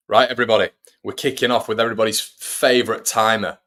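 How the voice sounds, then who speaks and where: A man hosts a fan stream and talks the match through play by play. His voice sits on the low side, and he keeps his tone relaxed and chatty. He breaks off the commentary to answer viewers. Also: fast talker. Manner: chatty, reads out viewers' messages between play-by-play. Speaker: fan channel host. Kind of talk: live watch-along match commentary.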